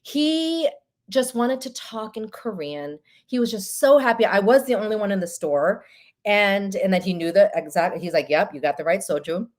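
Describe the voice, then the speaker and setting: A woman hosting a live stream show, telling stories in a chatty, animated way. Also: mid-range voice, moderate pace. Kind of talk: casual live-stream chat.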